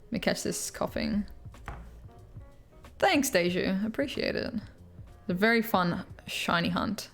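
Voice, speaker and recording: A young Australian woman chats casually on a live stream, answering comments one after another and laughing often. Her voice sits in a middle pitch, with faint music running behind her. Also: animated, takes it slowly, vocal fry, long pauses, fairly bright tone. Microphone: headphones with mic.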